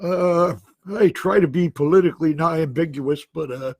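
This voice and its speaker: A man co-hosting a casual comedy podcast, stuffy and husky-sounding, laughing often. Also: on the high side, moderate pace, a little mellow, dry recording. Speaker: co-host.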